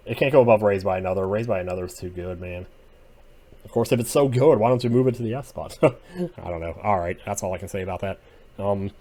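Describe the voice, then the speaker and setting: A man giving casual solo commentary as he ranks TV episodes, rambling and opinionated, drifting between quiet muttering and sudden outbursts. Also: low voice. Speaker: video creator ranking TV episodes.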